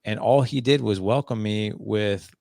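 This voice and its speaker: A man in his forties with a low, gravelly voice, recorded close and dry with no room sound. He speaks as a podcast guest on fatherhood and brings his stories to life by playing out both voices in a conversation. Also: unhurried, no room sound. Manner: animated, acts out both sides of dialogues. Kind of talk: conversational interview storytelling.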